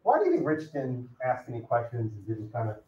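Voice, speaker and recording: A man's voice: medium pitch, huge pitch swings, fairly quick, darkish tone, slight background noise. A man teaching a law class, casually calling on students by name and asking them questions. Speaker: law professor. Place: lecture classroom. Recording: distant, echoey, dull classroom recording.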